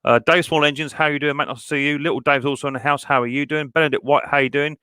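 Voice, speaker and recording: A man's voice: on the high side, steady tone, fast, pushed and bright, smooth, dry recording, clean studio sound. A man hosting a live stream. He greets viewers one by one by name in a casual style, with many fillers, and calls them mate and buddy boy. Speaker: mower channel host.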